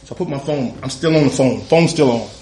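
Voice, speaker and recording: A man telling a comic, profane story live on stage, with an animated delivery and cheeky asides. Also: medium pitch, quick pace, roomy sound. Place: stage in a venue.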